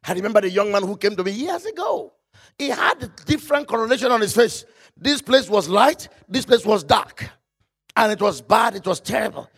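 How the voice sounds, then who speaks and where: Guy preaching, really high gravelly voice, fervent, keeps shouting out scripture. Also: expressive, fairly quick. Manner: quotes scripture in old-style phrasing. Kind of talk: sermon.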